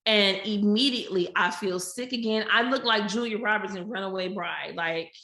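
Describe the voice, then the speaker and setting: A woman's voice: mid-range voice, moderate pace. Woman storyteller in a roomy echo. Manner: animated, acts out quoted dialogue with shifting voices. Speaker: podcast guest. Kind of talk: candid personal storytelling.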